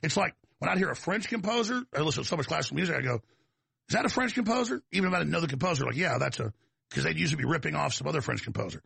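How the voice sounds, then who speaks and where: A man's voice: on the high side, animated, racing, vocal fry, pushed and bright, breathy edge, dry recording. A man with a Texas accent, hosting a talk show in a rambling, combative, folksy monologue that wanders off on tangents.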